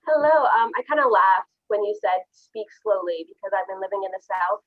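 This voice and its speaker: A woman's voice: medium pitch, animated, fairly quick. A woman from New Jersey, an academic librarian presenting a webinar in a chatty, self-deprecating way. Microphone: video call. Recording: tinny phone-like video call audio.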